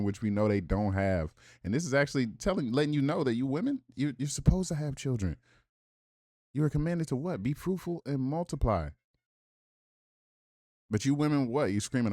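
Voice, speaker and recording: A man's voice: mid-range voice, very animated, measured pace, pauses often, darkish tone, no echo, studio quality. A man giving casual reaction commentary, reading viewer comments aloud with blunt, profane asides and rhetorical questions.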